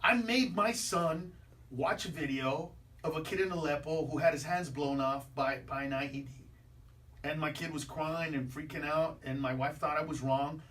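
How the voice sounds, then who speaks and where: A man as a comedian guest on a radio show, riffing in a stand-up style with brash, ranting punchlines and sudden shouts. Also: fairly high pitch, moderate pace, distant mic. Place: radio studio.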